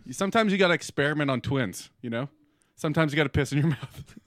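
Lively, laughing man reading listener mail. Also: on the high side, fast talker, no room sound, studio quality. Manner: laughs often, wry and deadpan. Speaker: podcast co-host. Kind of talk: crude comedic banter, reading listener email.

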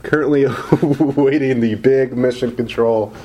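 A man's voice: mid-range voice, steady tone, dark tone. A man co-hosting a podcast, chatting and joking casually with many fillers and restarts. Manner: rambling, halting with many fillers. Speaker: podcast co-host.

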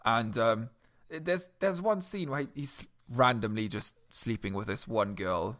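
A young man co-hosting a podcast in casual chat, animated and jokey, often breaking off and restarting. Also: mid-range voice, a little slow. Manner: animated, self-interrupting, jokey. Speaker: podcast co-host. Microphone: close podcast mic.

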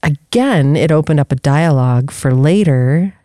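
A candid, reflective podcast host who talks through personal stories and often restarts sentences while feeling for the right words. The voice is mellow and smooth. The recording is dry, with no room sound. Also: medium pitch, expressive, moderate pace, dry recording. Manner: candid, searching, with frequent restarts.

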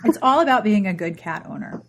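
A woman's voice: mid-range voice, big pitch swings, a little fast, gravelly, a little hiss or hum. A woman hosting a podcast, chatting casually, joking and laughing often. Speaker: podcast host. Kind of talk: casual chat.

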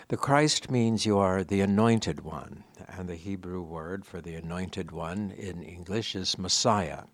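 A man's voice: sits low, unhurried, few pauses, no echo. A man giving a sermon, explaining a scripture passage in a reflective, teaching manner with conversational asides. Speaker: preacher.

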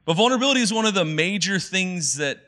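Bright-voiced pastor, chatty and playful. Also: male voice, sits high, expressive, quick pace. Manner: chatty, many fillers, quoting movie lines in playful voices. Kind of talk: casual conversational sermon.

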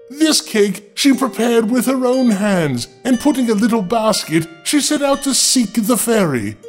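A man's voice: extremely high pitch, unhurried, hardly any pauses, faint music behind. A man hosting a show, reading a fairy tale in a dramatic way and breaking off into wry, joking asides. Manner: playful, wry, expressive. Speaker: storyteller host.

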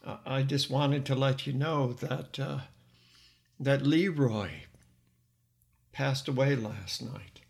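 A man voicing a soft-spoken, grieving older woman who speaks hesitantly, with gravel in his voice. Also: mid-range voice, fairly even intonation, takes it slowly, long pauses. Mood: sad.

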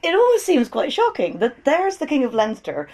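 A woman co-hosting a casual chat, retelling an old Irish tale in an amused, animated way and laughing often. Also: high voice, moderate pace.

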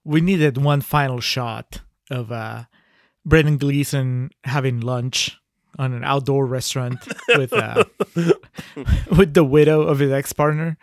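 A man's voice: medium pitch, unhurried, no echo, clean studio sound. A man hosting a casual movie-review podcast, talking in a hesitant way with frequent restarts. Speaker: podcast host.

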